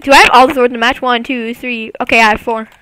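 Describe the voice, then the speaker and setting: A woman with a high, bright, piercing voice gives excitable, taunting commentary on her own game straight to viewers. The sound is close and completely dry, picked up on a computer mic at home. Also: quick pace, clean tone, dry recording. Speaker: gameplay commentator.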